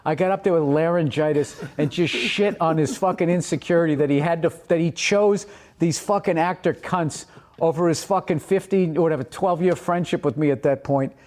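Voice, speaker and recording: A man's voice: on the high side, a little fast, a little mellow. A man co-hosting a podcast, telling rambling stories full of swearing and laughter. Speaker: podcast co-host. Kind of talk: casual storytelling.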